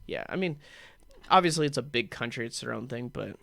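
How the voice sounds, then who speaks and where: Rambly comedian dude on studio radio, dry close sound, lots of "like" and "um". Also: male voice, mid-range voice, animated, brisk, creaky, a bit bright, dry recording. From San Francisco Bay Area. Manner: rambling, thinks aloud with many fillers. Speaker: guest comedian. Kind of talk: casual radio chat.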